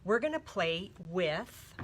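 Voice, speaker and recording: Canadian lady doing a stamping live stream, slow and kinda emotional, lowish voice, faint hum behind. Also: very animated. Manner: heartfelt, chatty, greets viewers by name. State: emotional, teary. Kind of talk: casual live-stream craft demo. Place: home craft studio.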